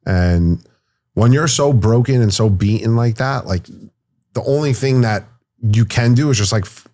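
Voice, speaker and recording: A man's voice: medium pitch, normal speed, a little mellow. A man hosting a podcast. He chats casually in a laid-back way, says "bro" often and shares his own experience. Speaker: podcast host. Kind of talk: casual conversation.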